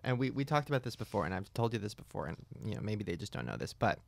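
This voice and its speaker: A man's voice: lowish voice, lively intonation, fast, creaky. A man hosting a podcast, teasing his co-host bluntly and telling crude stories in casual chat.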